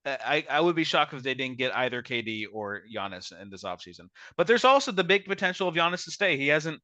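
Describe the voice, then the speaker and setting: A man hosting a casual sports podcast, giving measured opinions with frequent restarts. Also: mid-range voice, very animated, sharp tone, no room sound, highs cut off. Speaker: podcast host.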